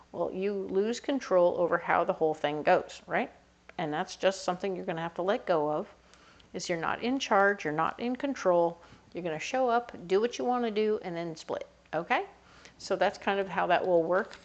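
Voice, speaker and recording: A woman giving a casual tarot reading in a chatty, conversational way, sometimes slipping into little voices for the people she talks about. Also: medium pitch. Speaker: tarot reader.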